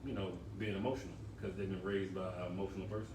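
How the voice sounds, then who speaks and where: A man co-hosting a casual live-stream chat, chiming in quickly with opinions. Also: low-pitched, level tone. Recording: echoey room, distant mic, faint noise.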